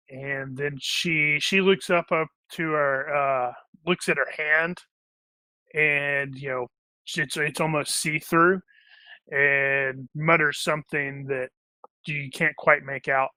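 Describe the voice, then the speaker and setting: Game master, male, rambling narration, tense bright tone, dry close mic. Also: a little high, steady tone, slow pace, no echo. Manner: rambling, many fillers and restarts.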